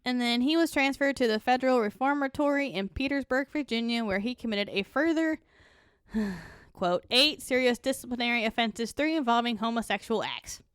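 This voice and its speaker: Young woman co-host, true-crime podcast, reads notes then cuts in with blunt swearing asides, higher voice, dry close sound. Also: normal speed, fairly bright tone, clear, resonant tone, no echo.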